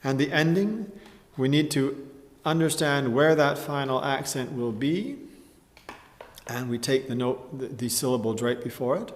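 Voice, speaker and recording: A man teaching a chant tutorial, explaining slowly and carefully and often clearing his throat. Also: mid-range voice, big-room sound. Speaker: music teacher.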